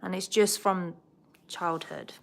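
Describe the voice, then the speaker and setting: A woman's voice: fairly low pitch, fairly even intonation, slow, creaky. Chatty southern English woman. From England. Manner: chatty, reads and answers viewer comments. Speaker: host of a pet livestream. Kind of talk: casual livestream chat.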